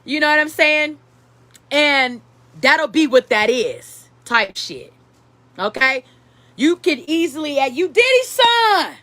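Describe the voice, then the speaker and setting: A woman giving casual celebrity-gossip commentary, profane and animated, rambling with lots of fillers. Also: high-pitched, slow pace, dry recording. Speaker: commentary vlogger.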